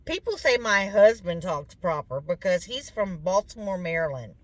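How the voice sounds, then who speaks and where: A woman's voice: on the low side, very animated, normal speed, no echo. A middle-aged woman with a Southern US accent, chatting casually to her viewers as y'all, her voice a bit congested from sinus drainage. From Louisiana, US. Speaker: vlogger.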